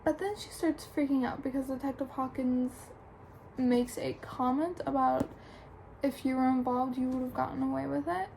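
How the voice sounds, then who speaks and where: A woman's voice: high voice, steady tone, moderate pace, vocal fry, a little mellow, a little hiss or hum, rough recording. A young adult woman chattily retelling a book's plot for a review, full of "like" and "um". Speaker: book reviewer. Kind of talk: casual plot recap.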